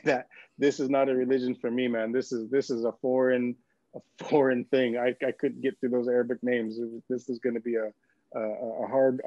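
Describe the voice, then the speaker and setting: A man from California recounts his own story as a guest, with humor and frequent laughter. His voice is mellow and relaxed. The recording sounds dry and somewhat dull. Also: mid-range voice, dry recording. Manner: humorous, laughs often, repeats words. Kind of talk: personal storytelling in a talk.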